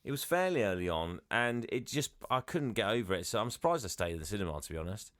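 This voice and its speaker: A man's voice: fairly low pitch, animated, quick pace, a bit bright, no room sound, clean studio sound. A man co-hosting a podcast, talking casually and hesitantly, often laughing. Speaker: podcast co-host. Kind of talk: casual chat.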